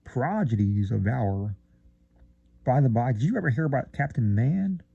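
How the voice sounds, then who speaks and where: A man reading aloud, voicing an affected gentleman who drawls out his syllables. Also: medium pitch, expressive, normal speed, creaky, slightly rough, no room sound, phone-quality sound. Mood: drawling.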